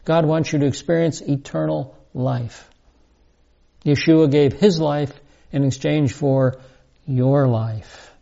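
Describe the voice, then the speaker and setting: Gravelly man teaching scripture, lo-fi. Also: a little high, fairly even intonation, mellow. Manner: deliberate, emphatic verse-by-verse explaining. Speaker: Bible teacher. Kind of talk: video sermon teaching. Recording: dull lo-fi sound.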